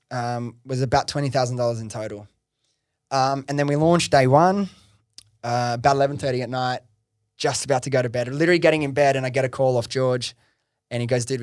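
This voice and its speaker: Excitable man telling a story, dry mic. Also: medium pitch, no echo. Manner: excitable, swears freely, heavy use of "like" and "bro". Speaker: podcast host telling his founder story. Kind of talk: casual storytelling interview.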